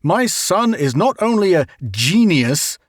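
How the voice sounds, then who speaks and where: A man's voice: a little high, lively intonation, normal speed, no room sound, clean studio sound, lightly acted. A man doing a sarcastic scolding father. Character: stern, sarcastic scientist father, middle-aged.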